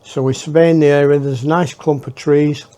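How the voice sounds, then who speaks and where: A man's voice: a little high, fairly even intonation, normal speed, warm tone. A man telling his memoir in a rambling, reflective way. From northern England. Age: 60s. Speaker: storyteller. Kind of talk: memoir storytelling.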